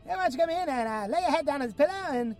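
Comedic bit: a man putting on a brash scientist, pitched well up, laid on thick, calls everyone buddy. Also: expressive, racing, a little mellow, soft background music. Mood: smug. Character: smug Canadian male scientist, pushy and shady.

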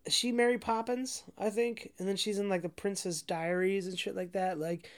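A woman's voice: mid-range voice, steady tone, moderate pace. A woman ranting casually about a movie, rambling with constant "like" fillers, profanity and frequent laughs.

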